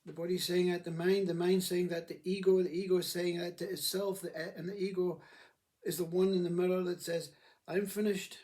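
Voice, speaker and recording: A man's voice: high voice, flat delivery, a little fast, dark tone, far from the mic. A man giving a reflective spiritual talk who acts out inner voices as he speaks. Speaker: spiritual teacher.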